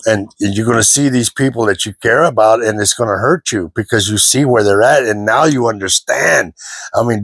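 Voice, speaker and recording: A man's voice: medium pitch, breathy edge, no echo. An older man gives a rambling, informal motivational talk to the camera, repeating himself and filling gaps with "you know" and "man". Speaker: self-help speaker.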